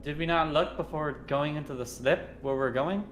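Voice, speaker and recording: Incredulous man player with a higher voice. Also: normal speed, slight background noise. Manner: questioning, incredulous. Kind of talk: tabletop game chat, in and out of character.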